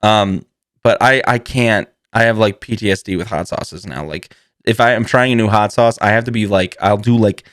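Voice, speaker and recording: A man's voice: on the low side, moderate pace, fairly bright tone, no room sound, clean studio sound. Profane, laughing male podcast storyteller. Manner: swears freely, laughs often, rambling. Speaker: podcast host. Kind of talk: casual comedic storytelling.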